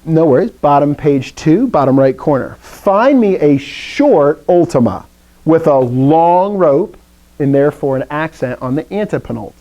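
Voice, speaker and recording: A man's voice: fairly high pitch, expressive, a little slow, mellow, poor audio. A man teaching a Greek class, explaining rules playfully and asking his students questions. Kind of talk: live classroom lesson.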